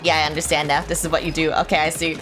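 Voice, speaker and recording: A young woman with a low voice chats loosely while streaming a video game, blunt and quick to swear at herself. Faint music plays behind her. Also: little pitch movement, fairly bright tone. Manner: blunt, swears often, self-mocking. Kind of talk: casual live-stream chatter.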